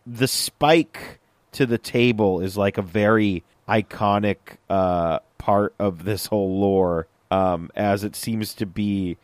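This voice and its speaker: A man's voice: fairly low pitch, takes it slowly, dry recording. A young man co-hosting a casual podcast chat, rambling with lots of fillers. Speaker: podcast co-host.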